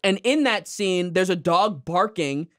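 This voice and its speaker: A woman's voice: on the low side, animated, unhurried, fairly bright tone, no echo, studio quality. A woman co-hosting a podcast, recapping a cartoon episode in casual chat and acting out character lines with put-on voices. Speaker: podcast co-host.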